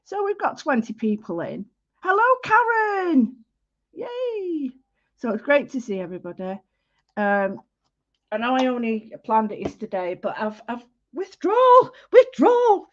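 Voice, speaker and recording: A woman's voice: medium pitch, animated, normal speed, muffled recording. A woman, hosting a casual livestream art lesson, chatty and full of greetings, often interrupting herself. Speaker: art class host.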